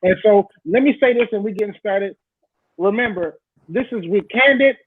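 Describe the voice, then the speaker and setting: A man's voice: high-pitched, moderate pace, breathy edge, dry recording, narrow, tinny audio. A man hosting a casual online panel over a video call, telling stories with emotion and laughter. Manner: emotional, laughing, animated storytelling. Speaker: host.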